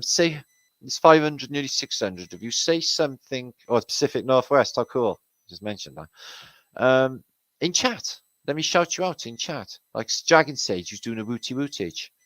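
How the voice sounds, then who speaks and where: A man's voice: medium pitch, sing-song, unhurried, a bit bright, dry recording, rough recording. A British man hosting a casual livestream, rambling in slang, swearing freely and chatting with viewers in a chummy way. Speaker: livestream host. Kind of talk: casual livestream chat, reading out viewer comments. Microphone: streaming setup mic.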